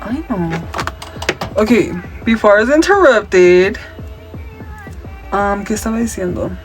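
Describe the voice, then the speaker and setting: A man's voice: high voice, animated, a little slow, faint music behind. A young man, chatting casually through a makeup tutorial and story time, sassy and profane, mixing Spanish slang into his English. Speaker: makeup vlogger. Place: at home.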